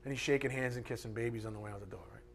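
A man's voice: medium pitch, racing, gravelly, slight background noise. A man preaching a sermon who teaches from a board and slips into mocking voices for his asides. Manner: animated, mimics voices in asides. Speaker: pastor. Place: church or teaching room with a board.

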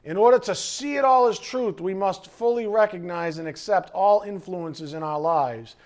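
A middle-aged man preaching a sermon as pastor, animated, acting out quoted voices and sometimes shouting. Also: high-pitched, moderate pace.

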